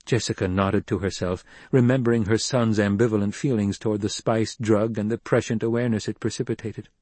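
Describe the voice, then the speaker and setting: A man reading an audiobook in measured, even scripted narration. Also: fairly low pitch, no room sound.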